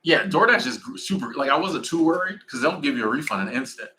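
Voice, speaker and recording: A man in his forties chatting casually on a livestream, rambling and animated. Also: fairly high pitch, fast talker, low-quality recording. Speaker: livestream host.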